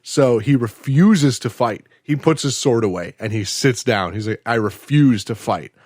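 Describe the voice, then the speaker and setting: A man hosting a podcast, retelling an episode in a casual, animated storytelling way. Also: medium pitch, moderate pace, no room sound, studio quality. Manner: animated storytelling, acting out quotes. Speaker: podcast host.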